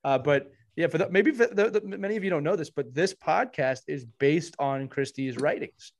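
A man hosting a hockey podcast, chatting casually and warmly, with frequent restarts and repeated words. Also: on the high side, moderate pace. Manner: warm, rambling, many restarts. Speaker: podcast host.

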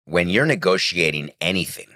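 Blunt, very deep-voiced man. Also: animated, moderate pace, bright, forceful tone. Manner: blunt, self-assured. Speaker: former baseball team president, interview guest. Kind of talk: interview clip.

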